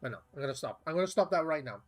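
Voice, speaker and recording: A man's voice: fairly high pitch, expressive, racing. A man, chatting casually to viewers while streaming games, rambling and swearing. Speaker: game streamer. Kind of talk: casual live-stream chat.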